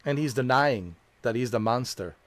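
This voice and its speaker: A man's voice: medium pitch, animated, normal speed, no room sound. A man giving crude, mocking commentary while playing a video game. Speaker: gameplay streamer. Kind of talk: profane casual commentary.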